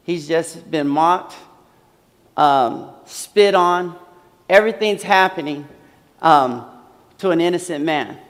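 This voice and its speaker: A man's voice: a little high, takes it slowly, pauses often. A man preaching a sermon earnestly, repeating phrases and using many fillers, in a large hall. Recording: long hall reverb.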